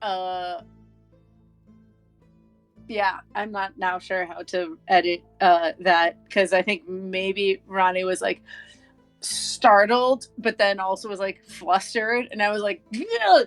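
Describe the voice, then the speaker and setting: A woman playing a tabletop game, talking in a rambling, self-deprecating, animated way. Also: mid-range voice, takes it slowly, soft background music. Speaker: player. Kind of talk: tabletop game role-play.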